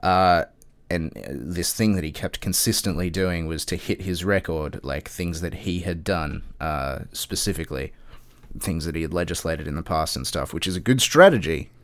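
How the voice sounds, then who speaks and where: A man's voice: deep voice, moderate pace, no echo. A man giving casual political commentary in a wry, sarcastic way, swearing freely and using lots of fillers.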